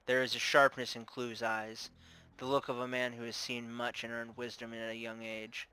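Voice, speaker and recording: A man narrating a tabletop role-playing game with relaxed, self-mocking asides. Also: mid-range voice, moderate pace, clean tone, dry recording, poor audio. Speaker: game master.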